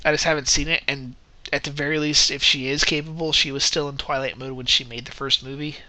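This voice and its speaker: A man's voice: on the high side, steady tone, a little fast, pushed and bright. A man giving a casual spoken movie review, rambling and correcting himself as he goes, often breaking into laughter. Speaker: film reviewer.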